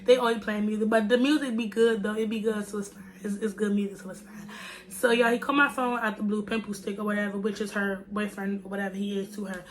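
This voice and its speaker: A woman's voice: medium pitch, level tone, fast. A young woman vlogger telling a story to her viewers in a chatty, slangy way. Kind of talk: casual storytime.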